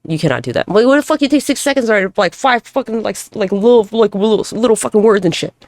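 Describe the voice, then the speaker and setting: A woman hosts a casual solo podcast, rambling fast in a rough, gravelly voice whose sing-song pitch constantly leaps and dips. She swears freely and pokes fun at herself, and the recording is close and dry with no echo.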